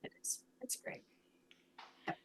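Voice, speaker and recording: A woman co-hosting a casual podcast chat, relaxed and agreeable, mostly giving short replies. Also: slow pace, slight background noise. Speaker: podcast co-host.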